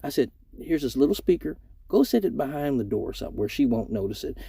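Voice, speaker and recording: A young man spins a profane story, swinging his pitch widely as he jumps into other people's voices. His tone is mellow and dark, and the room is dry and close. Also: sing-song, quick pace, gravelly, breathy edge, no echo. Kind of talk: casual storytelling.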